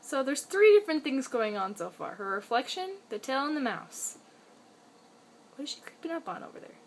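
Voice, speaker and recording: A young woman with a high, bright voice narrates a home video of her kitten, amused and giggling through it. The talk is loose and casual, recorded at home. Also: big pitch swings, moderate pace, slight background noise. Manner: giggly, amused, laughs often. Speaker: pet owner filming her kitten.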